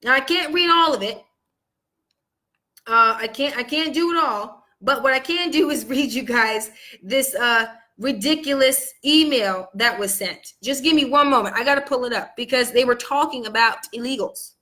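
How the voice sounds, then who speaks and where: A woman vlogger talking straight to her viewers in a heated, venting monologue, upset and angry, her voice swinging from loud outbursts to quiet, low lines. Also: moderate pace. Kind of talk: casual monologue to camera.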